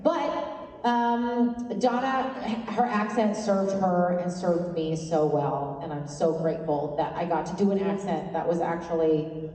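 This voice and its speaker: A woman from Canada, a guest on a convention panel, answering fans in a lively, laughing way and swearing freely. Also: fairly low pitch, normal speed. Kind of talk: live fan Q&A. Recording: echoey convention hall from far off.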